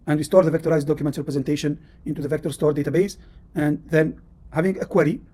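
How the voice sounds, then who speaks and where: A middle-aged man, a university professor, giving a recorded lecture in fast, explanatory speech that often rephrases itself. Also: fairly high pitch, dark tone.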